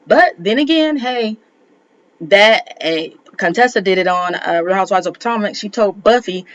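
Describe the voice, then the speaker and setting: A woman reviewing reality TV in a chatty, sassy recap, often jumping up high for exclamations. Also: expressive, normal speed, dull audio. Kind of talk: casual gossip recap commentary.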